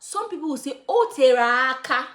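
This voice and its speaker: A woman's voice: high-pitched, expressive, a bit bright. A young Nigerian woman from Anambra with an Igbo accent, teaching Igbo words to beginners and repeating each word for learners to follow. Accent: Nigerian English, Igbo. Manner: slow, repeats words for learners with emphatic drilling. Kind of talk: beginner language lesson.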